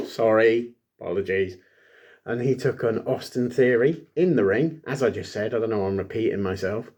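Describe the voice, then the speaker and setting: A man's voice: fairly low pitch, normal speed, darkish tone. A man recapping a wrestling show in a rambling, self-deprecating way, full of ums and asides. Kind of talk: casual solo recap.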